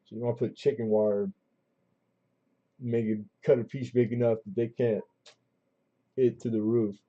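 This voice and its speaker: This coin auction livestream host from Southern California speaks at normal speed, with a medium pitch and fairly even intonation. His casual rambling is packed with fillers and restarts as he calls out the last bids, heard through dull lo-fi stream audio.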